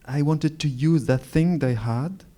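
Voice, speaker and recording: Speaking at a literary event, this man in his forties from Morocco shares reflective stories from the stage. His first language is Moroccan Arabic, and his slow, warm, slightly high voice keeps stopping and starting as he hunts for the right words.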